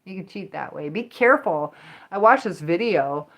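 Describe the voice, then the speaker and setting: A woman's voice: fairly low pitch, lively intonation, normal speed, a bit bright. Chatty woman reading out stream comments. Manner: chatty, rambling, reads viewer comments aloud. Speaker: livestream host; teacher and business coach. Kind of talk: casual livestream chat reading comments.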